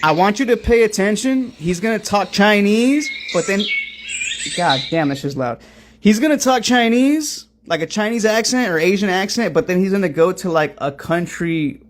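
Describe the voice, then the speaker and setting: A man's voice: high-pitched, animated, moderate pace, slight background noise. A man hosting a commentary stream, reacting to clips with an emphatic, profane delivery and a rhetorical "right?" after nearly every point.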